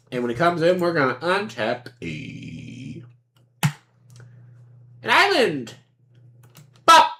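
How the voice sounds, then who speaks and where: A woman's voice: medium pitch, sharp tone. A woman streamer giving casual commentary on a card game, playful and sarcastic, acting out both sides of the table and swearing freely.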